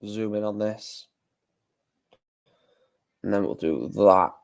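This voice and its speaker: A man's voice: fairly low pitch, slow pace, gravelly, a little mellow. A man hosting a live stream, chatting casually and correcting himself as he goes. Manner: chatty, thinking aloud, self-correcting.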